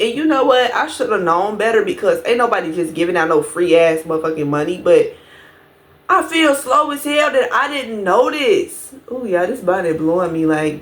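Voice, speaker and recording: Animated foul-mouthed woman telling a story. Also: mid-range voice. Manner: profane, animated, addresses viewers as y'all. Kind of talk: casual storytime monologue.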